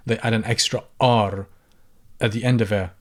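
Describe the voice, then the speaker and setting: Patient, lower-voiced male language teacher. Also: steady tone, moderate pace. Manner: patient, repeats example phrases several times. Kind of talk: language lesson. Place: lives in the UK.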